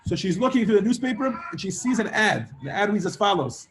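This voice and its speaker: A man teaching a class, telling a long parable with lively acted-out voices and casual fillers. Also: sits high, fast talker, few pauses, soft background music. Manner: animated storyteller, acts out characters with many fillers. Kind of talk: storytelling lesson to students.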